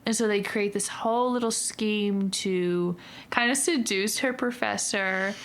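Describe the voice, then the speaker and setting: A young woman hosting a casual book club podcast, bubbly and quick to laugh, with lots of "like". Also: mid-range voice. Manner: bubbly, laughs often, says "like" a lot.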